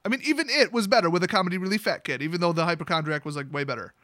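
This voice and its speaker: A man's voice: high voice, rapid-fire, bright, forceful tone, no echo, studio quality. A man sarcastically retelling a fantasy story, with rambling, mocking asides. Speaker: channel host.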